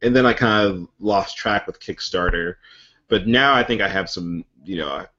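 A man's voice: low voice, normal speed, bright, forceful tone. A man, an actor and writer, chatting casually on a podcast and acting out comic scenes with many fillers. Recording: muffled lo-fi podcast audio.

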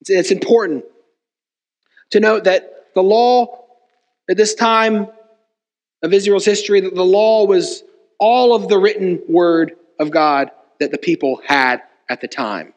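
A man's voice: high-pitched, measured pace. A man preaching a sermon as pastor, emphatic and full of rhetorical repetition. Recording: long reverb of a church hall.

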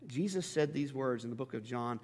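A man preaching a sermon as a pastor, impassioned and stammering over restarts, swinging between loud and hushed. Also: mid-range voice, a little fast. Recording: long hall reverb.

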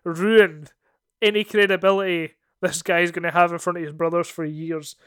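Animated Scottish man telling stories. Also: high voice, normal speed, clean tone, no room sound, clean studio sound. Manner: animated, swearing, acts out voices in his stories. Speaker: podcast co-host. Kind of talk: casual storytelling chat.

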